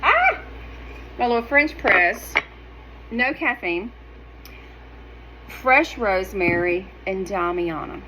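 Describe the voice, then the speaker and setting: A middle-aged woman, talking straight to her viewers in a sassy, animated, emphatic way. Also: medium pitch, slow pace, long pauses, a little hiss or hum, poor audio. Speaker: wellness vlogger. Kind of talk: casual direct-to-camera talk.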